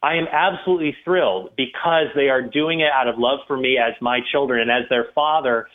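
A man answering listener questions on a live call-in show, earnest and explanatory, with frequent restarts. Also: medium pitch. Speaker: guest apologist. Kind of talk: casual radio call-in answers. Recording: tinny phone-like line.

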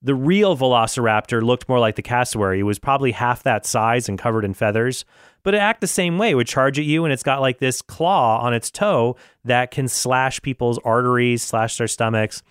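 A man's voice: mid-range voice, normal speed, smooth, no echo, clean studio sound. A man hosting a casual solo podcast, telling a story in a rambling way with many fillers. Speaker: podcast host. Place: travelling in Australia.

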